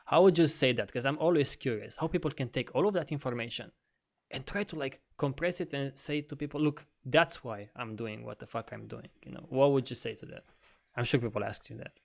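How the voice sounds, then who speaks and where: A man co-hosting a casual podcast conversation, animated and swearing often, with frequent laughs. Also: mid-range voice, fairly quick, gravelly. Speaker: podcast co-host.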